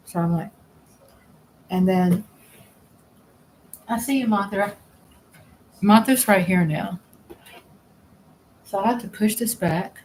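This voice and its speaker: A woman's voice: mid-range voice, slow, long pauses, darkish tone, poor audio. Woman rambling on her livestream while she works, laughs a lot, restarts her sentences, bit of faint hiss. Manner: rambling, chatty, laughs often, trails off and restarts. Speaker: livestream host. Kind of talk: casual live chat while working.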